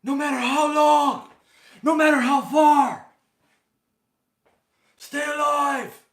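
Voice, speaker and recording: A man doing an impression of a desperate male frontier hero who shouts a vow with loud, impassioned shouting. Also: extremely high pitch, steady tone, takes it slowly, echoey room, voice pushed up, full character voice. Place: home kitchen.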